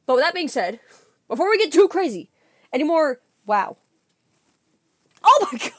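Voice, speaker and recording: A young woman chats with her stream audience in a bright, high voice that leaps all over the place. She tells stories excitably and giggles often. The sound is dry and close to the mic. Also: fairly quick, dry recording. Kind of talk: casual livestream chat with viewers.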